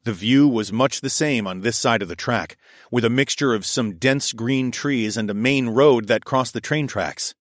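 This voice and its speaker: Brief: young male audiobook narrator, mid-pitched, steady storytelling, very dry close sound. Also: normal speed, no room sound. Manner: steady storytelling, voicing his own lines louder and higher. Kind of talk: first-person audiobook narration.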